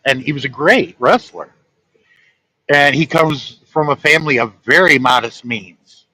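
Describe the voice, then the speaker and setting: Man, truck-driving vlogger, rambling casual storytelling, chuckles at his own tales, bright forward tone. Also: mid-range voice, rough recording.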